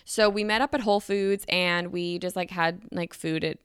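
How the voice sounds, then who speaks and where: Young adult woman, chatty storyteller, bright crisp voice, dry close sound. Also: on the low side, moderate pace, no room sound. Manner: chatty, filler-heavy with frequent "like"; animated, acts out quoted voices. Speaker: vlogger. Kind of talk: casual storytelling.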